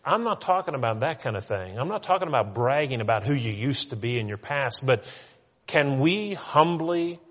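A man's voice: medium pitch, expressive, moderate pace, in a large hall. A middle-aged male pastor reading scripture and preaching an earnest sermon. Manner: reads scripture aloud, then preaches earnestly with small restarts.

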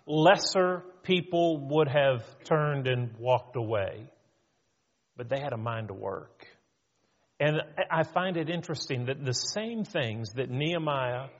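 A middle-aged man preaches a sermon in an easy, conversational way, slipping into little quoted voices to make his point. His voice sits a touch high for a man. It comes through muffled, with a long reverb trailing off the walls of the church. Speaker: pastor. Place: church sanctuary.

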